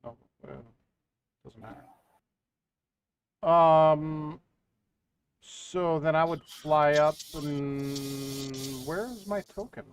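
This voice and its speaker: A man with a fairly high voice, speaking very slowly at a tabletop game. He mumbles and second-guesses his moves, with faint noise behind him. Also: steady tone, clean tone. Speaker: player.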